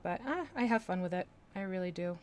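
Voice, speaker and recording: A woman's voice: lowish voice, expressive, a little fast, a little mellow, slight background noise. A woman chatting casually on a live stream as she paints miniatures, laughing often and playing with voices.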